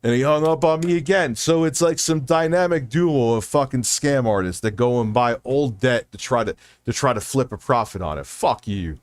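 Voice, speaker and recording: A man's voice: medium pitch, animated, normal speed, few pauses, no room sound. A man streaming from home, telling a heated, profane story and acting out the phone calls. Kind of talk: casual stream chat, ranting story.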